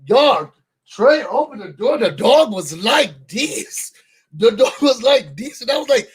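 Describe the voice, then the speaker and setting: High-voiced man, animated and slangy. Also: a little slow, husky. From New York. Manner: animated storyteller, slangy and playful. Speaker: YouTube reality-show reviewer. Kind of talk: casual chat to viewers. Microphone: studio microphone.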